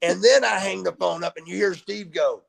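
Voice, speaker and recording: A man in his fifties, a guest on a video call, telling stories in a casual, animated way and swearing freely. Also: sits high, normal speed, gravelly. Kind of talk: casual storytelling interview.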